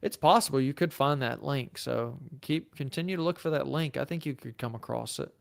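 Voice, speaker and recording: A man with a Southern US accent hosts a live Q&A and answers viewer questions in a loose, conversational way. His voice is gravelly at the bottom yet smooth and resonant, and it sits at a medium pitch. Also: fairly quick. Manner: casual and chatty, thinks aloud with fillers and restarts. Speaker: lawyer hosting a livestream. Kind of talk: live Q&A, reading viewer comments.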